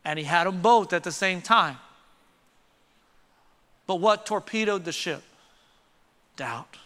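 A man preaching a lively sermon with quick asides, leading the congregation in call and response. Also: high-pitched. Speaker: pastor. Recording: reverberant church hall.

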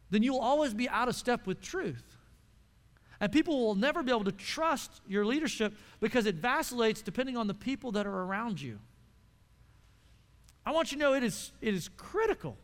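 A man's voice: very high-pitched, fairly bright tone. A male pastor preaching a conversational sermon to a live audience, repeating words and putting questions to the room. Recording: long hall reverb.

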